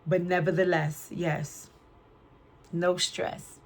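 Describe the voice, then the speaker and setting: Woman card reader with a slightly low voice, relaxed, chatty vlog delivery that is peppered with "right?". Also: slow pace. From New York City. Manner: chatty, keeps asking "right?". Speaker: tarot reader. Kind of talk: casual spiritual card reading.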